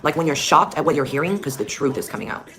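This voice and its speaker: Fast-talking, her voice sitting low and a bit bright, a mother tells her personal story. Her delivery is blunt and heated with plenty of swearing, and music is clearly heard behind her.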